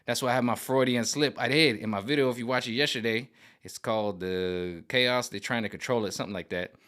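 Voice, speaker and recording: A man rants straight into his camera, animated and mocking as he rambles. His voice is bright and forward, at a middling pitch. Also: fairly quick. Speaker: vlogger. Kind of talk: ranting monologue. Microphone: camera on gimbal.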